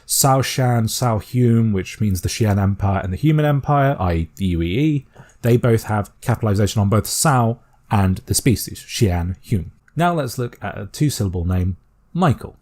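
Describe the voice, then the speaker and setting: A British man explaining a constructed language step by step in a calm, methodical tutorial voice. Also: fairly low pitch, brisk. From Britain. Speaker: language teacher.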